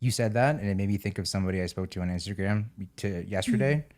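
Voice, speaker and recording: A man's voice: on the low side, fast talker, a little mellow. Joking, swearing male co-host. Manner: joking, swears freely, laughs while telling stories. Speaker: podcast co-host. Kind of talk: casual chat.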